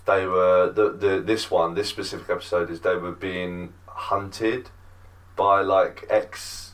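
A man's voice: low voice, little pitch movement, slow, a bit bright, recorded from a distance. A man hosting a podcast, telling a story in a rambling, casual way full of fillers and restarts. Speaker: podcast host.

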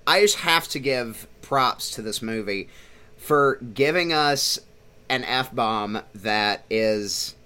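A man hosting a casual podcast, reviewing a film in animated talk full of fillers. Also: medium pitch. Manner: animated, talks through with fillers. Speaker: podcast host. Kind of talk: casual movie review chat.

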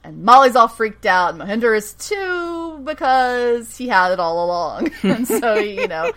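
A woman with a bright, forceful voice chats casually as a podcast co-host. She recaps a show with animated retellings and quoted dialogue, laughing often. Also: a little high, moderate pace. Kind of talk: casual chat.

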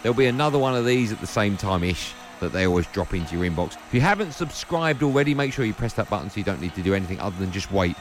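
A man's voice: on the low side, lively intonation, fast talker, few pauses. A man presenting a sports podcast with jokey, self-mocking links.

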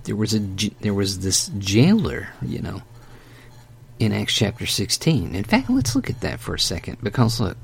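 A man preaching a conversational sermon, animated and emphatic, with folksy asides as he walks through a Bible passage. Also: on the low side, normal speed, vocal fry, a little hiss or hum.

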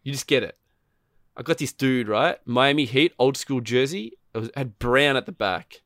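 A man's voice: medium pitch, moderate pace, no echo, studio quality. A man chatting casually about a video game, telling rambling stories with plenty of swearing. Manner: rambling, profane, animated storytelling. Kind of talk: casual gaming chat.

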